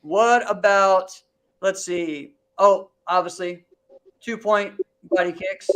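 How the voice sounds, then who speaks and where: A man's voice: high voice, slow, clear, resonant tone, poor audio. Chatty man with a raised voice. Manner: laughs often, relaxed and chatty. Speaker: host. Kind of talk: casual podcast chat.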